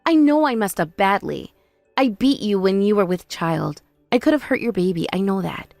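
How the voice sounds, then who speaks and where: A woman's voice: mid-range voice, lively intonation, moderate pace, vocal fry, a little mellow, dry recording, faint music behind. A woman voicing a desperate, remorseful young wife who begs for forgiveness in a scripted drama. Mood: pleading. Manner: pleading, apologetic.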